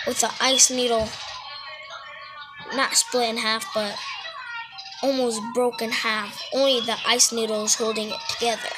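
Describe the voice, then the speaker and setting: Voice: medium pitch, rough recording. A child casually retelling a fan-made story, rambling and correcting themselves as they go. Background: music playing.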